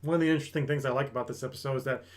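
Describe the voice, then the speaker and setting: A man's voice: medium pitch, rapid-fire. A man hosting an anime review, casually retelling an episode and briefly voicing the characters as he goes. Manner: animated storytelling that acts out characters' lines.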